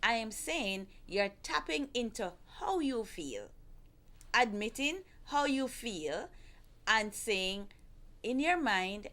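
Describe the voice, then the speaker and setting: A woman's voice: on the high side, lively intonation, slow pace. A woman hosting a family talk show, earnestly coaching couples on how to speak to each other. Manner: earnest, gentle, repeats herself while coaching. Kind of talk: casual advice talk.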